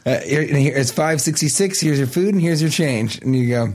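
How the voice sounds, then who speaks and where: Male co-host, playful and silly, acts out little bits, mid-range pitch. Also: steady tone, a little fast, hardly any pauses, darkish tone. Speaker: podcast co-host. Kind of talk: casual comedic chat.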